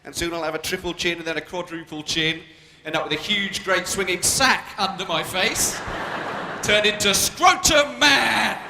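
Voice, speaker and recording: A man's voice: a little high, steady tone, a little fast, pushed and bright. A young British man doing live stand-up comedy, cheeky and provocative as he banters with the crowd. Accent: British English. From Britain. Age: young adult. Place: large arena stage with a live audience. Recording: echoey arena with long reverb and crowd noise.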